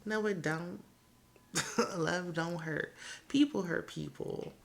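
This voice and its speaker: A woman recaps a TV episode in a casual, talkative way. Her voice sits low and has a gravelly rasp. She gives her strong opinions freely and laughs at her own asides. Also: slow pace. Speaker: TV recap host.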